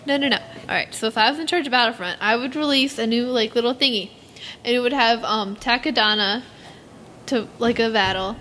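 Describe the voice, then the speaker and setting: A teenage girl chatting casually as a podcast co-host, rambling and giggly, telling animated stories. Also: a little high, a little fast, a little hiss or hum. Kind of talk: casual fan chat.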